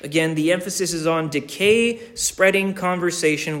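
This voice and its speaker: A man preaching a sermon with slow, deliberate emphasis, repeating key phrases. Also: a little high, fairly bright tone. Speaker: pastor.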